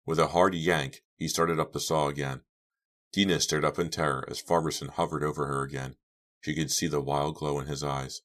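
Very deep-voiced man narrating. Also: fairly even intonation, moderate pace, a bit bright. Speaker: audiobook narrator. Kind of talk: scripted narration.

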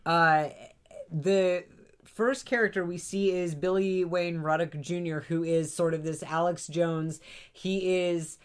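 A woman with a slightly low-pitched voice chats casually as a podcast co-host. She talks loosely, with plenty of fillers and restarts, and laughs often. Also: fairly even intonation, takes it slowly, clear, resonant tone. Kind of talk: casual chat reviewing a comedy series.

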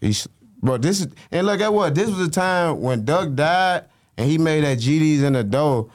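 A man telling stories as an interview guest in a casual, slangy, animated way. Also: on the high side, normal speed, no room sound, studio quality. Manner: animated, slangy, acts out quotes.

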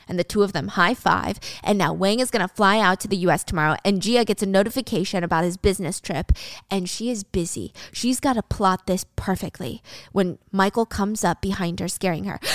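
A woman's voice: mid-range voice, fairly quick, no room sound. A woman casually retelling a drama plot in a chatty, slangy way into a close mic. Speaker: drama recap narrator. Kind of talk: casual story recap.

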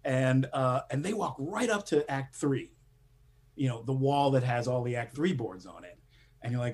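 A male animation screenwriter guests on an interview, talking at normal speed in an expressive, mid-range voice with a darkish tone. His casual speech rambles, full of fillers and restarts, and he laughs a lot.

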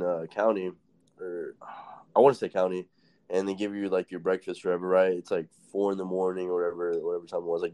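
A man's voice: sits low, a little mellow. A young man hosting a casual chat, telling stories in a rambling, profane way and laughing often. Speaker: podcast host.

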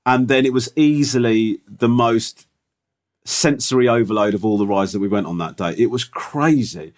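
A man's voice: mid-range voice, moderate pace. A middle-aged man telling a long anecdote in casual podcast chat, rambling with restarts and fillers. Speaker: podcast co-host.

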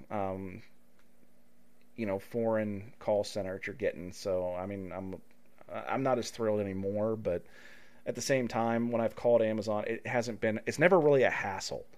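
A man's voice: on the low side, normal speed, clear, resonant tone. A man co-hosting a podcast, chatting casually and acting out quoted lines with laughter. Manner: animated storyteller, acts out quotes with a laugh. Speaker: podcast co-host. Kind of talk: casual chat.

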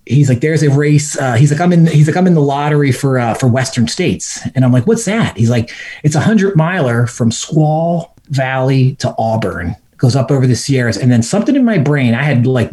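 A man's voice: mid-range voice, slightly rough. Podcast guest, male, loose chatty storyteller who keeps slipping into quoted voices and laughter. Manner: animated, laughs mid-story, acts out his own quotes. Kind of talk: casual storytelling.

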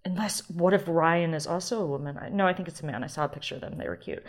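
A woman's voice: on the low side, fast talker. A woman hosting her own wine podcast, with a chatty, rambling delivery and self-deprecating asides. She talks casually, as if to friends, and breaks off now and then to correct herself. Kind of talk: casual solo podcast chat.

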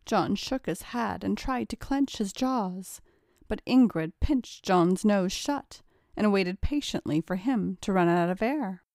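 A woman narrates a story in a steady, even-toned way. Her voice sits at a middle pitch, and the recording is dry and close, with no room sound. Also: takes it slowly, no room sound. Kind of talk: storybook reading.

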